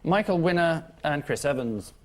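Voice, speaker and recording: A man hosting a TV panel show, reading scripted jokes with dry deadpan timing. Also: fairly high pitch, moderate pace. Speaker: guest host. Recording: TV studio with audience laughter and noise.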